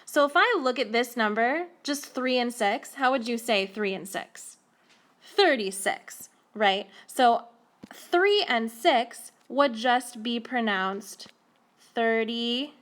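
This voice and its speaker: Lady teacher walking kids thru math, slow and careful, kinda high voice. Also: animated, a bit bright. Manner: slow, careful explaining to children. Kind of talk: whiteboard math lesson. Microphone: tablet recording.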